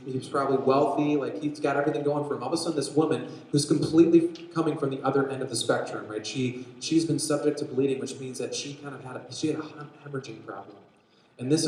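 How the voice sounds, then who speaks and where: A young man teaching a Bible story to young people, telling it with animated energy and acting out voices. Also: mid-range voice. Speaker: youth pastor. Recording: very echoey room.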